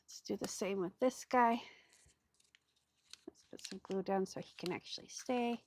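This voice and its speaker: A craft video host with a medium-pitched voice talks a little slowly during a live crafting stream. She keeps up a loose, rambling chat, greeting viewers while she works, over a little hiss or hum.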